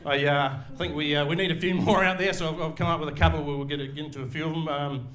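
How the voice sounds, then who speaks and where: A man's voice: on the high side, steady tone, quick pace, a bit bright. A middle-aged man with an Australian accent doing a live stand-up set on a comedy club stage, crude and swearing as he teases the crowd. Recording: echoey live club room.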